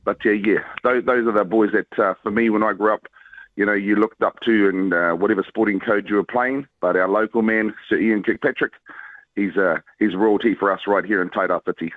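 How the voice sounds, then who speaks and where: A man's voice: lowish voice, fairly even intonation, fairly quick, dry recording. A man with a New Zealand accent phoning a radio show, proudly naming his sporting heroes. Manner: proud, rambling. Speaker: caller. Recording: tinny dry phone line.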